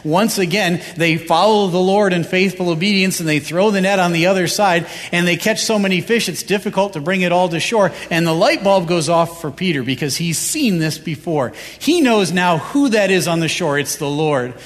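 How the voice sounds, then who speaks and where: A man's voice: high-pitched, normal speed, hardly any pauses. A male pastor preaching a sermon, driving his points home with repeated rhetorical questions. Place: church sanctuary. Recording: reverberant church hall.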